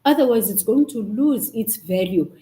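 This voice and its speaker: A woman's voice: fairly high pitch, expressive, normal speed, mellow, roomy sound, low-quality recording. A woman with a Xhosa accent hosting over a video call, giving an emphatic, preacher-like inspirational talk. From South Africa. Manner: emphatic, preacher-like, rising bursts. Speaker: host.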